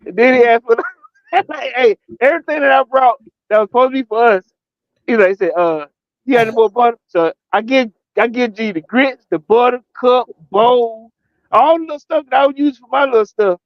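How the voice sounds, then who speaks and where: High-voiced man telling a story casually. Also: a little fast, no echo, highs cut off. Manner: animated storyteller, acts out quotes, laughs often. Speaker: podcast co-host.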